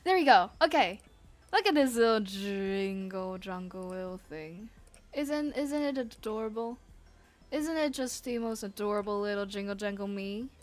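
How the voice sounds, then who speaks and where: A woman's voice: mid-range voice, animated, moderate pace, no room sound, faint music behind. A woman streamer chatting casually with her audience, giggly and rambling, speaking English as a second language. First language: not English. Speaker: vtuber streamer. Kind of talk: casual livestream chat.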